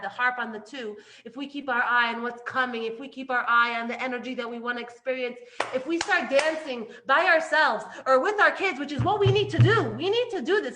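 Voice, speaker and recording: Bright, emphatic woman teaching. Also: high-pitched. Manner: emphatic, swings from loud to hushed, many restarts. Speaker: Torah teacher. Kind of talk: animated spiritual lesson.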